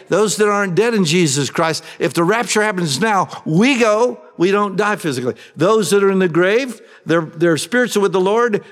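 A man preaching a sermon, asking his congregation questions and answering them himself, swinging between raised emphatic lines and soft low asides. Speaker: pastor. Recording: long reverb of a large hall.

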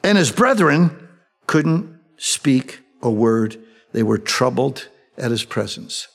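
A man's voice: medium pitch, takes it slowly, vocal fry, husky, long reverb tail, soft background music. A male pastor teaching a verse-by-verse Bible sermon in a conversational way, acting out the quotes. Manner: conversational, animated, acts out quotes.

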